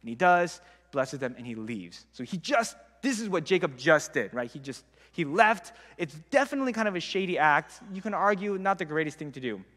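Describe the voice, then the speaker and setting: A man's voice: on the high side, sing-song, brisk, hardly any pauses, a bit bright. A young man giving a casual, conversational Bible talk with frequent "like" fillers. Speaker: Bible teacher. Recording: long hall reverb.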